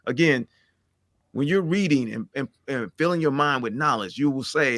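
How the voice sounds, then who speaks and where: Bright-voiced earnest man telling stories. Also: medium pitch, lively intonation, normal speed, no room sound. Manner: rambling, earnest, acts out quoted exchanges. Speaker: podcast guest. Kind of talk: candid conversational storytelling.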